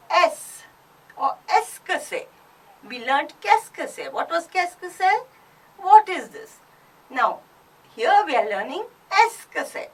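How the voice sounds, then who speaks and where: Slow, animated woman teaching French. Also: sits high, recorded from a distance, poor audio. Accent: Indian English. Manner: slow, deliberate teacher drilling pronunciation. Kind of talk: recorded online class.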